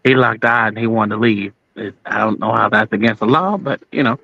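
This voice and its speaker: A man's voice: on the low side, steady tone, a little fast, pushed and bright, no echo. Hesitant man on a dull, dry line. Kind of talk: casual chat.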